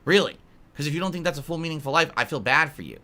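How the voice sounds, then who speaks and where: A man's voice: fairly high pitch, lively intonation, rapid-fire, bright, forceful tone. A man in his early forties answering live chat on a stream, blunt and easily irritated, calling viewers idiots. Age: 40s.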